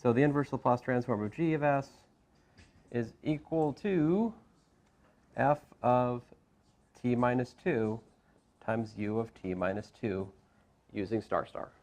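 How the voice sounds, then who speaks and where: A man lecturing as a math professor in a classroom, talking through each step with asides and quick self-corrections. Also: mid-range voice, fairly even intonation, darkish tone. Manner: talks through steps with frequent asides and restarts.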